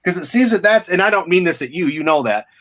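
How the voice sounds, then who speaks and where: A man's voice: high-pitched, animated, quick pace, a bit bright. Blunt, ranting man in a casual chat.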